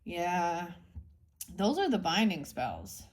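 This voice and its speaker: A woman's voice: on the low side, wildly swooping pitch, slow, slight background noise. A woman giving a casual tarot reading to her viewers, blunt and mocking, with frequent swearing. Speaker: tarot reader.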